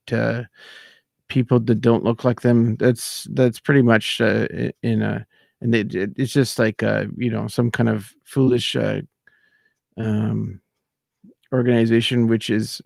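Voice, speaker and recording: A man's voice: fairly low pitch, gravelly, darkish tone, no echo, clean studio sound. A middle-aged man rambling in casual, indignant commentary with many fillers and restarts. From outside America. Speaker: channel host.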